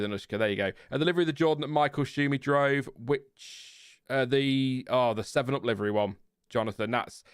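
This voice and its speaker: A man with a Lincolnshire accent hosts a casual livestream, reading out viewer comments in a calm, fairly flat voice, rambling and laughing often. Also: lowish voice, smooth, no echo, studio quality. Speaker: livestream host.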